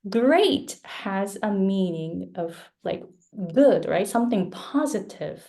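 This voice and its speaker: A woman whose first language is Japanese answers audience questions as a guest speaker. She talks slowly, explains patiently and gives examples. Her voice is mellow and warm. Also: mid-range voice, gravelly. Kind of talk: online webinar Q&A answer.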